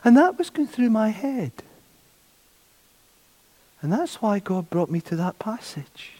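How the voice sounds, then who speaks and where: A man preaching a sermon, animated, repeating his phrases and acting out the voices of doubters. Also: sits high, takes it slowly. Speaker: pastor. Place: church. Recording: long church reverb.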